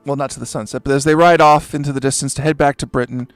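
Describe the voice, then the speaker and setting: A man's voice: mid-range voice, steady tone, fast, clear, resonant tone, no room sound, soft background music. A man narrating a tabletop game as game master, with wry asides and swearing. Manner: swearing, wry asides, voicing characters in quotes.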